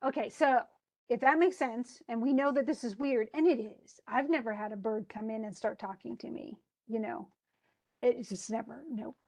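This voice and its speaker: Her voice a little high and somewhat mellow, this literature instructor explains a poem at a moderate pace. She keeps it chatty, frequently starting over and paraphrasing casually.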